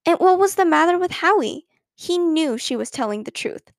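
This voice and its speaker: A woman narrating a children's storybook aloud in an expressive, lively reading. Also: very high voice, normal speed, no room sound, studio quality.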